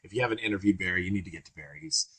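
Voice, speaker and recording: A man guesting on an interview podcast, telling lively anecdotes in a casual, excitable way. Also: low voice, very fast. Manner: animated, excitable anecdotes with bursts of energy. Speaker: guest trumpeter. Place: works around Orange County, California.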